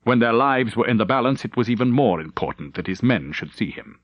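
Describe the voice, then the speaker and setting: Male audiobook narrator, animated pitch, dramatic and measured, dry studio sound. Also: no echo, dull audio. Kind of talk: scripted narration.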